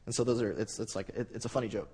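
A man giving a sermon in a conversational, halting way that builds to animated stretches. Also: lowish voice, breathy edge, in a large hall. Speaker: pastor.

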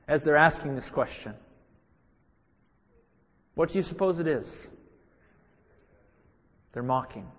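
A man preaching a sermon who repeats key phrases for emphasis and poses questions straight to his listeners. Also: on the high side. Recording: dull lo-fi with long hall reverb.

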